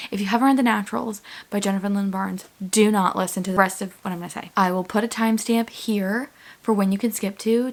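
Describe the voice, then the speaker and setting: A young woman vlogging about her reading in a casual, rambling way, excitable and full of fillers, often dropping to a whisper. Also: medium pitch. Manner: excitable, rambling, with many filler words and frequent whispering asides. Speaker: book vlogger.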